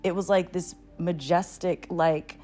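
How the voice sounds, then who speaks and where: A woman with a somewhat low voice tells a rambling personal story in a relaxed, chatty way. She keeps it loose and animated, leaning on fillers and casual swearing. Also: a little slow, soft background music. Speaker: channel host.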